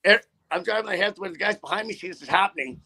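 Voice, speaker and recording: A man's voice: high voice, racing, pushed and bright, slightly rough. A man who drives trucks, telling a story in a casual interview with a profane, rambling, heated manner.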